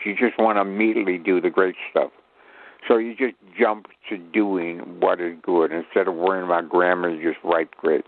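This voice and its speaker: An old man from Chicago spins long, digressive anecdotes with a dry, self-mocking humor. His voice sits low and carries a heavy gravelly fry. It comes through a thin, tinny phone line. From Chicago, USA. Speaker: guest, actor. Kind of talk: rambling anecdotal storytelling.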